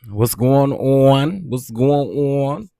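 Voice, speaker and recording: A man hosting a casual live stream, greeting viewers by name and chatting in a loose, drawn-out way. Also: mid-range voice, gravelly, warm tone, no room sound, clean studio sound. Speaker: livestream host.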